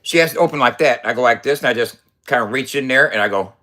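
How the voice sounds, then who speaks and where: A man's voice: medium pitch, fast talker, sharp tone. A man in his fifties talking casually in a loose, profane, boastful way and laughing often. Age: 50s. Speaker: vlogger. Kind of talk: casual rambling vlog.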